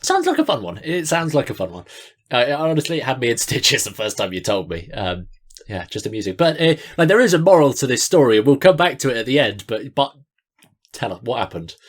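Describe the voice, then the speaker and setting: A man's voice: medium pitch, big pitch swings, brisk. A man co-hosting a podcast, prompting stories in an easygoing, hesitant way. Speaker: podcast co-host. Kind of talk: casual chat.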